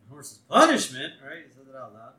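A man's voice: a little high, wildly swooping pitch, pushed and bright, distant mic. A man co-hosting a podcast, recapping an episode in casual, amused chat. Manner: chatty and amused, quick to laugh. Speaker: podcast co-host. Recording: echoey room.

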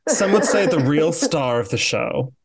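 A man co-hosting a podcast, telling stories in a campy, animated way and acting out quotes. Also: on the high side, a little slow, background noise. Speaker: podcast co-host. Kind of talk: casual chat.

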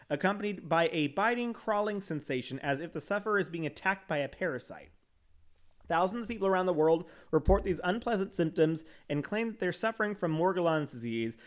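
A man on a podcast reading an article aloud with casual asides, often stumbling over words and laughing at himself. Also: on the high side. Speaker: podcast host.

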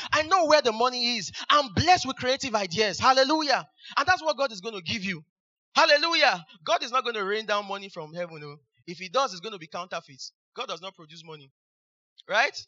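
Male pastor, very high and bright, hallelujah-heavy sermon delivery, on a dull lo-fi recording. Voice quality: frequent hallelujahs, repeats phrases for emphasis.

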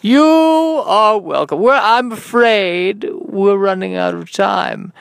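A man putting on a pompous male talk-show host who announces guests in a slow, drawn-out way. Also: high-pitched, animated, creaky, fairly bright tone, clear, resonant tone, no room sound, voice pushed up, exaggerated voice. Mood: grand, showy. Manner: drawn-out, grandly announcing delivery.

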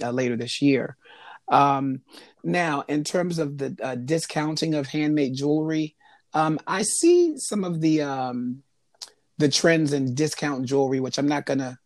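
A halting, thoughtful man. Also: mid-range voice, no room sound. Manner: thoughtful, halting with frequent ums. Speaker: interview guest, jewelry maker. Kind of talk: conversational interview.

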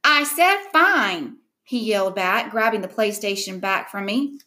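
A woman's voice: medium pitch, steady tone, moderate pace, fairly bright tone, lightly acted. A woman reading an audiobook, voicing a sulky, terse young boy. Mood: irritated.

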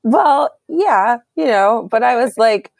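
A woman's voice: on the high side, slow, gravelly, no echo. A woman co-hosting a podcast, chatting casually, often laughing as she tells stories. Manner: giggly, animated storytelling. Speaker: podcast co-host. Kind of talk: casual chat.

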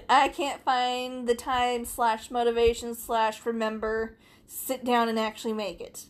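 A woman's voice: fairly high pitch, a bit bright. A young woman hosting a podcast in casual chat, giggly and joking with casual swearing, her throat sore. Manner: giggly, swearing, jokey storyteller. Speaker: podcast host.

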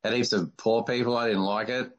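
A man's voice: medium pitch, steady tone, fairly quick. A man in his forties with an Australian accent, hosting a casual podcast interview with blunt, crude teasing. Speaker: podcast host.

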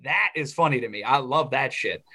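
A young man co-hosting a sports podcast, talking casually and getting heated and animated as he airs his opinions. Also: mid-range voice, normal speed. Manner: opinionated, animated when ranting. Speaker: podcast co-host. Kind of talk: casual chat.

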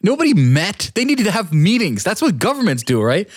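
A man's voice: high-pitched, huge pitch swings, fairly quick. A man in casual conversation who rambles and gets worked up, often restarting his sentences. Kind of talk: casual chat.

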